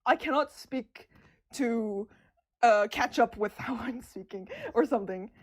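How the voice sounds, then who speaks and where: A woman streamer chatting casually with her viewers, excitable and stumbling over her words with a stutter. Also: fairly high pitch, measured pace. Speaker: streamer discussing comics with chat. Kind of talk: casual livestream chat.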